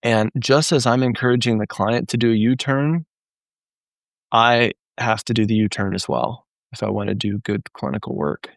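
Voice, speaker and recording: A man's voice: mid-range voice, fairly even intonation, normal speed, vocal fry, no echo. A man, a therapist and trainer, teaching in a live Q&A in a conversational way and often checking in with "right?".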